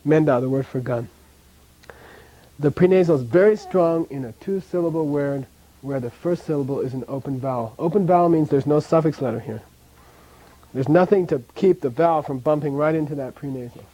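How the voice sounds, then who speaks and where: A man teaching a language class, drilling pronunciation by repeating sounds and checking in with the students, his voice often dropping quiet at the ends of phrases. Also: on the high side, brisk, low-quality recording.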